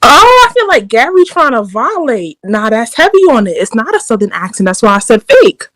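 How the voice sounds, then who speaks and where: A woman's voice: a little high, sing-song, normal speed, fairly bright tone, no room sound, rough recording. A young woman from New York City with a New York accent, blunt and profane in casual chat.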